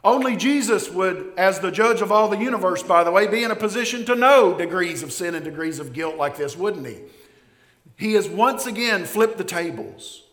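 A man's voice: sits high, lively intonation, moderate pace. Emphatic male preacher in an echoey hall. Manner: emphatic preacher, swings from hushed to loud. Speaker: pastor. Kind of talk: sermon.

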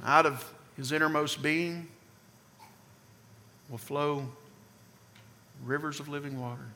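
A man preaching a sermon with emphasis, putting questions to the congregation and swinging between loud and soft passages. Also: on the high side, steady tone, slow pace, a little hiss or hum. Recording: long hall reverb.

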